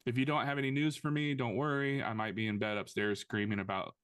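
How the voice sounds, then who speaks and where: A man's voice: mid-range voice, level tone, quick pace, fairly bright tone, clean tone, no room sound. A man co-hosting a podcast in casual chat, joking dryly and reading listener questions aloud. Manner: dry, joking. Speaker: podcast co-host.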